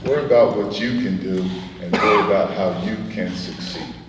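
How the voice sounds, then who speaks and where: A middle-aged man giving a guest speech at an event, telling anecdotes in a lively way and chuckling often. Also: lowish voice, moderate pace, slight background noise. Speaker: guest speaker. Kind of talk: storytelling speech. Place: event hall. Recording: echoey hall, voice from far off.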